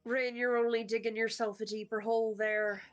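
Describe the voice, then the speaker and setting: A woman playing a tabletop game, brisk and matter-of-fact. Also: a little high, little pitch movement, lo-fi sound. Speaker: player. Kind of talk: casual tabletop play.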